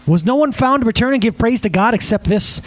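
A male preacher voicing Jesus as a gentle adult man who asks incredulous, pleading questions. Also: very high voice, expressive, fast, voice pushed up.

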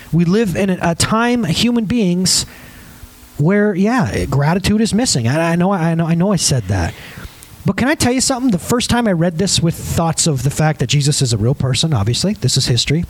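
A man's voice: high-pitched, big pitch swings, a little fast, poor audio. A male pastor preaching a conversational sermon, emphatic, often asking the congregation questions.

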